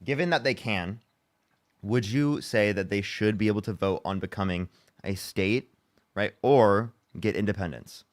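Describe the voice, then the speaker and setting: A man's voice: fairly low pitch, moderate pace, no echo, studio quality. A young man hosting a livestream debate. He presses guests for answers with exasperation and rattles off thank-yous to donors. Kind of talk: heated live debate and donation shout-outs.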